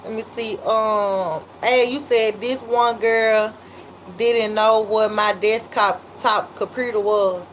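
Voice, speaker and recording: Memphis lady on a livestream, kinda high voice, chatty, slow drawl, bit of hiss behind. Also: steady tone, low-quality recording. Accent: Memphis, Southern US. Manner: chatty, drawn-out, reads comments aloud and shouts out viewers. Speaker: livestream host. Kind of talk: casual livestream chat reading viewer comments.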